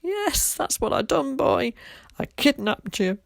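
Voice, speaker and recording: A gruff, kindly old countryman with rough rural speech, talking low and dry, as a woman reads him aloud. The voice sits deep and close, with no room around it, like a storybook read at bedtime. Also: normal speed, no echo. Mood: laughing.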